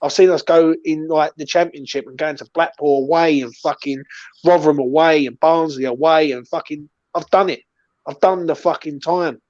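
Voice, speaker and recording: Brief: London man, fan show host, fervent and sweary, higher voice, dull dry lo-fi sound. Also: darkish tone, no room sound. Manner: passionate, swears freely, says "yeah" and "right" constantly. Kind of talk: casual post-match chat.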